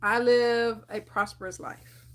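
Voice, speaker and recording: A young woman with a slightly higher voice speaks to camera in an animated, encouraging way, often laughing between points. She talks casually, with frequent fillers, like a friend cheering you on. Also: unhurried. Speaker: dental hygienist and channel host.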